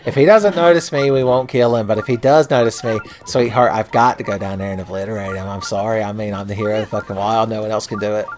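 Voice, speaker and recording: A man's voice: lowish voice, fairly even intonation, fast talker, hardly any pauses, background noise. A man hosting a game playthrough in casual commentary, joking profanely and laughing often, close to a home mic. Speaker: let's play host.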